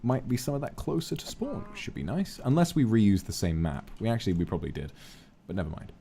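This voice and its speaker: A man streaming a game, chatting casually in a playful, theatrical way, moving between grand declarations and hushed asides. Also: fairly low pitch, animated, fast, a little hiss or hum. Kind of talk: casual gameplay stream chat.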